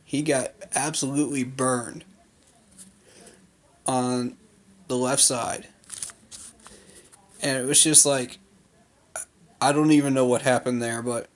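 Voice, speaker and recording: Slow-talking male fan reviewer. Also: medium pitch, steady tone. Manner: unscripted, many fillers, opinionated. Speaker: fan commentator. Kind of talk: casual recap vlog.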